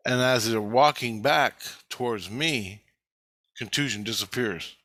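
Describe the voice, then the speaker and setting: Man, casual storyteller, crisp bright voice, profane, acts out quotes, dry close sound. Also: mid-range voice, unhurried, no echo. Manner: profane, retells events with acted-out quoted dialogue. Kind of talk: casual first-person storytelling.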